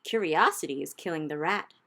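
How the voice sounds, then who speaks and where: A woman's voice: low-pitched, animated, brisk, pushed and bright, full character voice. A woman voicing a huge, kindly old male giant in a storybook reading, who talks with jumbled, homespun grammar. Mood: dismissive.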